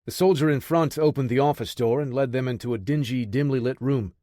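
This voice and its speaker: A man's voice: medium pitch, brisk, mellow, no room sound, clean studio sound. Man narrating a military thriller. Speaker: audiobook narrator. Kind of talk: scripted audiobook narration.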